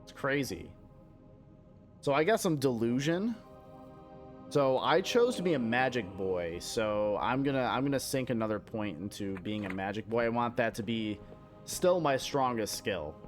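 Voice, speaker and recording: A man's voice: medium pitch, lively intonation, normal speed, faint music behind. A young American man streaming a game, chatting casually in a rambling, profane way and slipping into mock-outraged rants. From United States. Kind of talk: casual gameplay chat.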